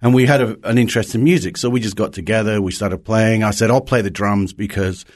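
Cheerful Scottish man, lowish voice. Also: quick pace. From Scotland. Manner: cheerful, chuckling storyteller with frequent restarts. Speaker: pastor and songwriter, guest. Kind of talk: casual interview chat.

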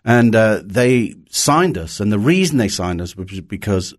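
A Scottish pastor and songwriter in his sixties chats cheerfully in a casual interview, telling stories with chuckles and restarts. His voice is fairly low and expressive, and he speaks a little slowly.

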